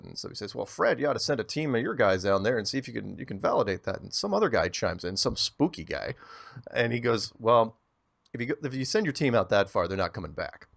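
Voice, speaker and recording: A man telling a long story as an interview guest, rambling and animated, often repeating words as he starts a sentence. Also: on the low side, gravelly.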